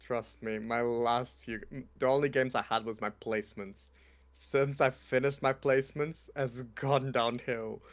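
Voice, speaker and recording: A man chatting casually with a streamer about his games in a low-key way. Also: steady tone, measured pace. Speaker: gaming friend. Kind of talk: casual chat.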